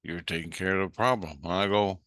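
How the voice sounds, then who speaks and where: Profane, ranting man with a bright voice. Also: low voice, a little fast, no echo, clean studio sound. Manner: profane, ranting, animated retelling; acts out both sides of the dialogue. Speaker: vlogger. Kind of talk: rambling monologue.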